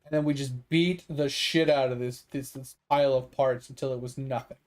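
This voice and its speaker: A man's voice: medium pitch, fairly even intonation, normal speed, a little mellow. A man chatting casually with his stream viewers, rambling and swearing freely, breaking into laughs often. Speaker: gaming streamer.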